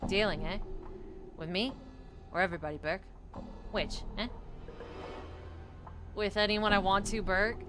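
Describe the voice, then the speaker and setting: A grimy, short, fat-faced merchant man, suspicious and quick to snarl , put on by a woman reading game dialogue. The voice is pushed well above her usual pitch, with game music playing behind. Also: close to an everyday voice. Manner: gruff, suspicious, hostile.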